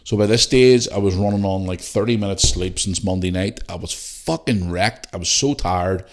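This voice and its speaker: A man with a deep, low voice recounts a story on his solo podcast. He talks casually and swears freely, often quoting what he thought at the time. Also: normal speed. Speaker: podcast host.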